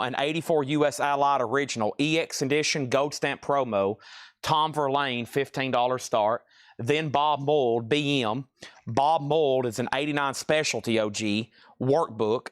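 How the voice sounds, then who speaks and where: Brisk man calling a live record sale. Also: mid-range voice, smooth, no echo, studio quality. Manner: brisk, matter-of-fact listing of items and prices. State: briefly out of breath. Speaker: livestream record sale host. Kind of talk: live sales patter.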